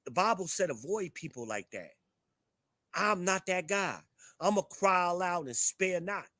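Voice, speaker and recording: A middle-aged man talks straight at his audience in a blunt, profane rant, pitched a bit higher than most men. The sound is close and dry, with no room around it. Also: animated, a little slow, pushed and bright, no room sound. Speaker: show host. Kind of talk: ranting commentary to a live chat.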